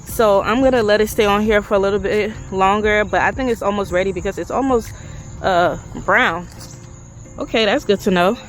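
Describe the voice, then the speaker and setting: Excitable woman vlogging in her garden. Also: mid-range voice, normal speed, rough recording. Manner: chatty, excitable, talks to viewers as y'all. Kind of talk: casual garden vlog. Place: outdoors in a backyard garden.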